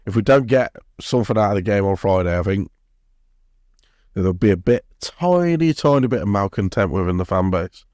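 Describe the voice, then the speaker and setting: A man's voice: lowish voice, animated, a little fast, darkish tone, no echo, clean studio sound. A man co-hosting a football podcast, rambling and swearing, laughing often. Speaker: podcast co-host. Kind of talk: casual football chat.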